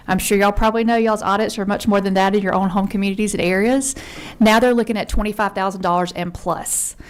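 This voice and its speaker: A woman from Georgia giving earnest, conversational testimony before a legislative committee as a member service consultant. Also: mid-range voice. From Georgia, USA. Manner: earnest, conversational, says y'all.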